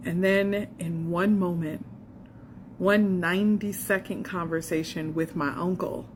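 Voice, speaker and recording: Woman in her forties, faith coach, earnest emotional testimony, lower voice, slight hiss behind. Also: fairly even intonation, unhurried. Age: 40s. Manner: earnest, emotional, addresses listener directly.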